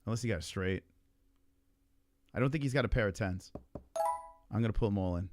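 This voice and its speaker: A man's voice: fairly low pitch, a little fast, a little hiss or hum. A man casually commentating his own poker game, taunting and swearing at his opponent. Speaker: podcast host playing poker.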